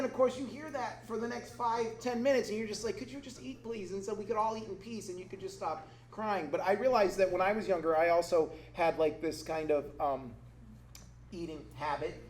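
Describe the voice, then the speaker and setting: A middle-aged man, a pastor, giving a conversational sermon with humorous personal stories to a congregation. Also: high-pitched. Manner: humorous, conversational, acts out quoted voices. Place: church hall before a congregation. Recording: echoey room with faint noise.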